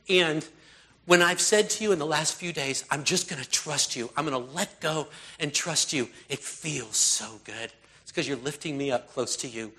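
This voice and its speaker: A man's voice: a little high, sharp tone. A man giving a sermon and praying, earnest and rambling, often stopping to restart his sentences. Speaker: pastor. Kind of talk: sermon and prayer.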